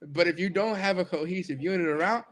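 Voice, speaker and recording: A man's voice: high voice, quick pace. A man co-hosting a casual sports podcast, teasing his partner and stammering through his points. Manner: laughing, teasing, stammering restarts. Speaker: podcast co-host.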